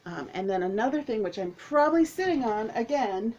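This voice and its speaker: A woman vlogging to camera at home, chatting casually in a rambling, excitable way with lots of fillers. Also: fairly high pitch, brisk, lo-fi sound, a little hiss or hum. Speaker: author and vlogger.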